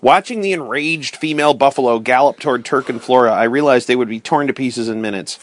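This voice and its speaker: A man narrating a storybook aloud in first person, as a steady, clear storyteller. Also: medium pitch, brisk. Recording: dry close recording.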